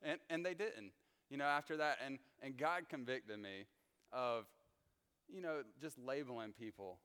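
A man leads a casual Bible study in a church hall, chatting through his stories with lots of little fillers. His voice is smooth and clear. A long reverb trails behind his words. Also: mid-range voice, unhurried. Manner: chatty, animated storyteller with frequent fillers.

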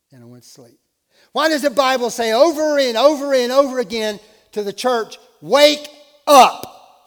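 A male pastor with a notably high voice delivers a sermon, moving from relaxed storytelling to loud, driving emphasis. His words ring out with a long reverb tail, as if from a church sanctuary.

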